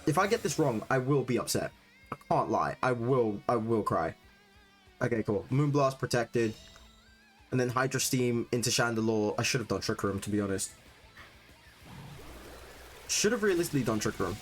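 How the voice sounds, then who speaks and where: Excitable man commentating his gameplay. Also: mid-range voice, normal speed, pauses often, soft background music. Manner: excitable, swings into loud frustrated rants. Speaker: gaming streamer. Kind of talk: live commentary on competitive battles.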